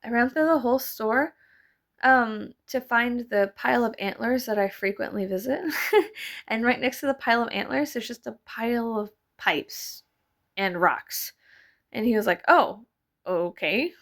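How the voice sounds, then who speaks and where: A young adult woman narrates a casual vlog voice-over on a voice-over mic, rambling, laughing often and swearing offhandedly. Her voice is on the high side and a bit bright, at normal speed.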